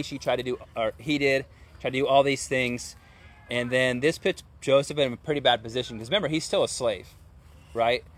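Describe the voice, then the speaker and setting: A man preaching a sermon in a conversational way, often asking his listeners rhetorical questions. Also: mid-range voice.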